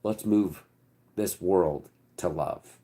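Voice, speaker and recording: A man delivering a rambling, preachy monologue in casual, sometimes profane speech, with sudden loud outbursts that drop back to low murmurs. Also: slow pace. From United States. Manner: casual, swears. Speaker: channel host. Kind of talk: impassioned monologue.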